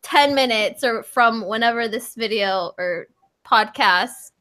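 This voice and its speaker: A tipsy woman with a high, bright voice chats on a casual group podcast. She giggles and rambles loosely, and her speech runs a little loose around the edges. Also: takes it slowly. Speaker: podcast guest, streamer.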